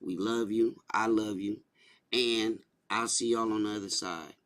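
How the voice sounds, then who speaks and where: A man's voice: lowish voice, fairly even intonation, unhurried, fairly bright tone. A man hosting a casual livestream, talking loosely and repeating his points. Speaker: livestream host.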